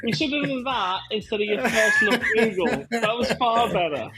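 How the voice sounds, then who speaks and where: High-voiced man, wry and teasing. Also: moderate pace, loud music behind the voice. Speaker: podcast co-host. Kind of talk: casual chat.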